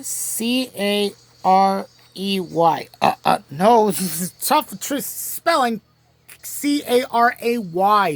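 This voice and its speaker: A woman hosting a home-made crossword game show, reading clues and spelling answers letter by letter, pausing and restarting often. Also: mid-range voice. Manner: halting, with frequent restarts.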